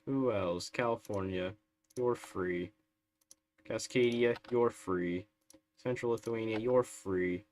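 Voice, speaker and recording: Man, low voice, unhurried drawl, wry live game commentary, keyboard clicks behind. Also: a little mellow, slight background noise. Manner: wry, sarcastic, chatty. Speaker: streamer.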